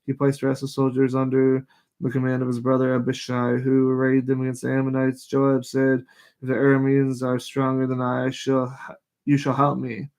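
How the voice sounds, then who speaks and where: A man's voice: medium pitch, monotone, a little mellow, smooth. A man hosting a live show, reading Bible passages aloud with stumbles and restarts and breaking off for frank, irritated commentary. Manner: reads passages aloud haltingly, stops to comment.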